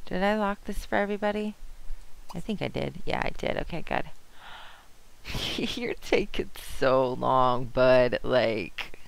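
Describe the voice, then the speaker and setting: Casting note: young female game streamer, chatty and excitable, lively swoops in pitch, a touch of vocal fry. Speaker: let's play host. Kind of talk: casual gameplay commentary.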